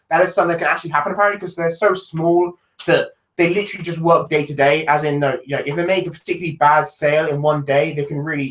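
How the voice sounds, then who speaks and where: On a casual livestream, a young English YouTuber speaks in a rather high, fairly bright voice with a British accent. He rambles, laughs often, and frequently begins his sentences again.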